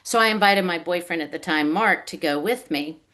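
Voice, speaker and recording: Brief: woman author with a low voice, on a video call, storytelling delivery. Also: a little fast, a bit bright. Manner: storytelling, acts out quoted relatives. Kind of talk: reading prepared remarks on a video call.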